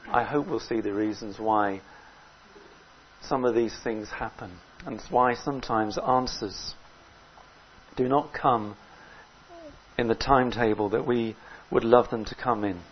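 A man preaching a sermon in an earnest way, rising loud on key words and dropping low between them. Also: measured pace, muffled recording, a little hiss or hum.

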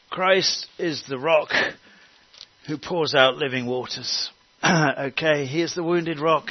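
Earnest male preacher, slightly high voice, close and dry, a bit dull in sound. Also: no room sound. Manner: earnest preaching with fillers and restarts. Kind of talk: sermon.

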